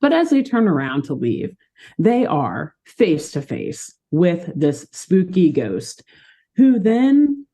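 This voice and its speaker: A woman's voice: fairly low pitch, takes it slowly. A young woman co-hosting a podcast, animatedly retelling a cartoon plot with frequent laughter. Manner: animated storytelling, laughing often. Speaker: podcast co-host recapping a cartoon. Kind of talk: casual chat.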